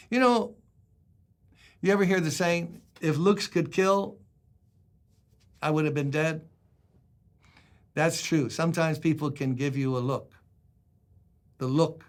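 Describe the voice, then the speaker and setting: This older man, a pastor, delivers a conversational devotional sermon, giving quoted lines dramatic emphasis. His voice is a little high, with vocal fry.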